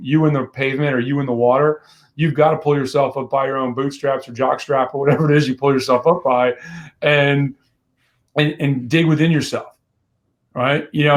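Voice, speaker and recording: A man's voice: medium pitch, fairly even intonation, normal speed. A man co-hosting a podcast, earnest and encouraging in casual chat. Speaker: podcast co-host.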